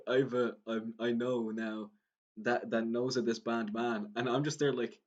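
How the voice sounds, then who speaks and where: Young Irish guy, podcast co-host, loose rambling storyteller, mid-pitched voice, lots of filler words. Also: steady tone, fairly quick, noisy background. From Ireland. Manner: rambling storyteller, many "like"s, laughs while talking. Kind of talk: casual chat.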